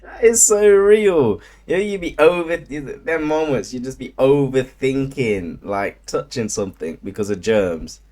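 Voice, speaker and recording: A man in casual chat, reacting to a story in an expressive, slangy way. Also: medium pitch, a little slow, hardly any pauses.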